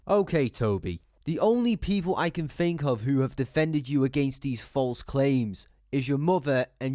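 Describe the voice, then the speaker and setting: A man's voice: mid-range voice, a little mellow, no echo, clean studio sound. A man giving blunt, sarcastic commentary, swearing freely as he talks. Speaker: YouTube commentator. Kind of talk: opinionated commentary.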